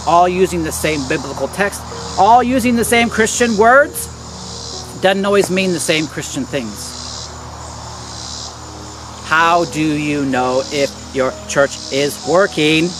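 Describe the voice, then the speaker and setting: A man's voice: high voice, low-quality recording. Earnest man talking straight to viewers. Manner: earnest, addresses viewers as "guys", emphatic repetition. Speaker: church video host. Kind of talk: direct-to-camera teaching talk.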